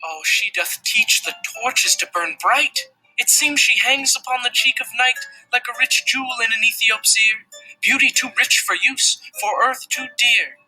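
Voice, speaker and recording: A man's voice: very high-pitched, normal speed, pushed and bright, slightly rough, soft background music, voice pushed up, heavily acted, low-quality recording. A man reading the lovestruck young Romeo in declamatory verse. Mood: awestruck.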